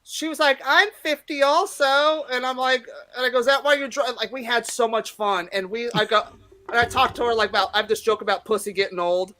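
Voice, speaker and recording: A woman's voice: on the high side, quick pace, a little hiss or hum. A woman comedian in her fifties, a guest telling stories in a brash, profane way and acting out what people said. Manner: brash, profane, acts out quotes loudly. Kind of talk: casual interview storytelling.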